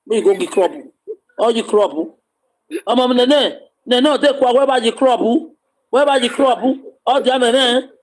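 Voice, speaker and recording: Nigerian man, strikingly high voice, playful teaser who laughs a lot and shouts out now and then. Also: normal speed. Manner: teasing, laughing often, loud bursts. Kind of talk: joking casual banter.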